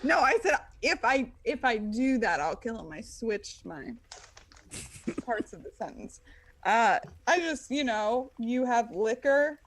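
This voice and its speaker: A woman playing a tabletop game with friends, making playful deadpan jokes. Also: a little high, a little slow, a little hiss or hum. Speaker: player. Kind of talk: casual play with friends.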